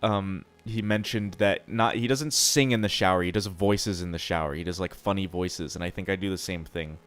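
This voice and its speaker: Male streamer, casual live chat, lower pitch, rambling, swears, faint background music. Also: normal speed, fairly bright tone.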